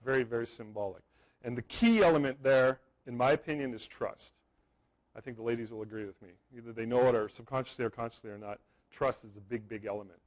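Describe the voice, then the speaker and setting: A man in his forties giving a live seminar, talking straight to the room. He tells stories, repeats words for emphasis and keeps checking in with his listeners. His voice sits at an everyday middle pitch. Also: fast talker, low-quality recording. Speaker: wedding photography seminar presenter. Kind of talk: live seminar talk to an audience.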